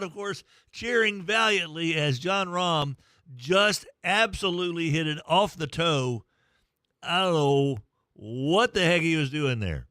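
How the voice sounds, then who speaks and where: Excitable man on sports radio. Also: on the high side, slow, smooth, no room sound, clean studio sound. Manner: excitable, breaks into loud play-by-play. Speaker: radio show host. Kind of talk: morning sports radio talk.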